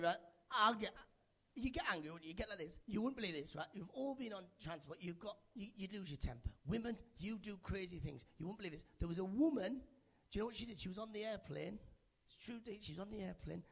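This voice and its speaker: A male stand-up comedian working the crowd from a club stage, teasing audience members by name in a chatty way. His voice sits high and has a gravelly, husky grain. He speaks into a handheld stage mic. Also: a bit bright. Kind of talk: stand-up set with crowd work.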